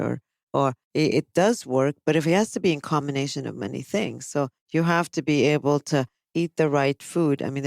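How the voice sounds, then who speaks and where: A woman's voice: rumbling low, dry recording. Woman psychologist explaining at length. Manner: explanatory, animated when quoting people. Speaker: psychologist host. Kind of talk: casual podcast discussion.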